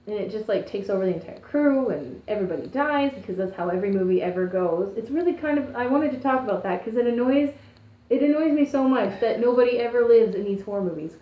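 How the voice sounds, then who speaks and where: A Canadian woman co-hosting a podcast, talking in an animated way with sarcastic asides. Her voice sits a little high. The recording is roomy and a bit dull. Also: quick pace. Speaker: podcast co-host. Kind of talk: casual chat.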